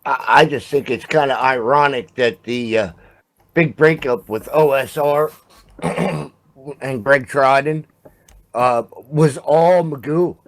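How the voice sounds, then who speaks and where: A man's voice: mid-range voice, takes it slowly. A man in a casual group chat about a racing league, plain-spoken and a little wry.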